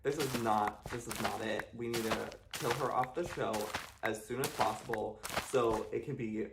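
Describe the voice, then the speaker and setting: A man's voice: medium pitch, moderate pace, vocal fry. A man from the production crew giving a matter-of-fact, firm interview account. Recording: echoey room with background noise.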